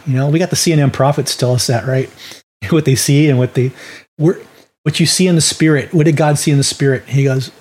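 A man's voice: a little high, a little mellow. A man teaching a Bible lesson on sharing faith, talking in a folksy, conversational way with restarts. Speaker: ministry teacher.

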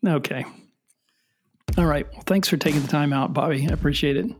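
A man's voice: a little high, a little fast, faint music behind. A middle-aged man hosting a casual political podcast with his sons, wry and rambling, often trailing off. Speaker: podcast host and father.

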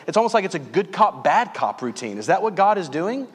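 A male pastor from Louisiana preaches an earnest sermon in a fairly high, sing-song voice with a breathy edge. He calls his listeners "friends" and slows down to stress key phrases. A long reverb makes his words ring out as if in a church hall.

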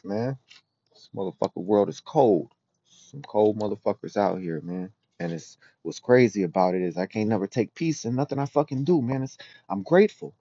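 A man giving a raw, rambling, profane confessional monologue as a podcast host, often dropping to a low murmur. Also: warm tone. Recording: dull dry lo-fi recording.

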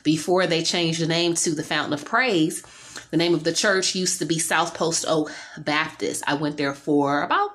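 Low-voiced woman musing as a host. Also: moderate pace, a little hiss or hum. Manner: musing, warm-hearted storytelling with frequent ums. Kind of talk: reflective solo podcast talk.

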